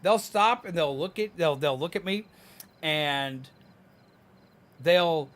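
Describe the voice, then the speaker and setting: Taking his time, a man with a voice on the high side rants frankly during a casual gaming livestream. He's young, swears freely, and puts on mocking voices to imitate people in an animated way.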